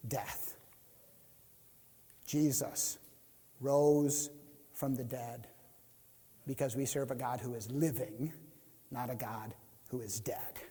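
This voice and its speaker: A man's voice: medium pitch, fairly even intonation, slow, long pauses, dark tone, slightly rough, in a large hall. A man preaching a sermon as pastor, reading scripture aloud and acting out the grumbling crowd with rising, emphatic delivery. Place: church sanctuary.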